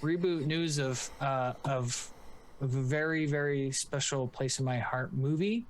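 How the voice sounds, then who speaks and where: A man's voice: medium pitch, a little slow, slight background noise. A man co-hosting a casual podcast, rambling and joking with lots of fillers and restarts. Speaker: podcast co-host.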